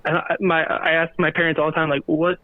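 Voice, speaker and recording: Comic male guest phoning in, higher voice, dry close sound. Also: fast talker, dry recording, narrow, tinny audio. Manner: joking, animated storyteller. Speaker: phone-in guest. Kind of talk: casual chat.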